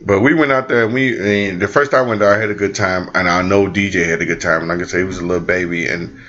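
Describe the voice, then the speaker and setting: A man's voice: quick pace, highs cut off. A man from the Midwest, a father telling family stories in casual chat and acting out the voices he quotes. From American Midwest. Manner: animated, acts out quoted voices with big pitch jumps. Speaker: father and co-host.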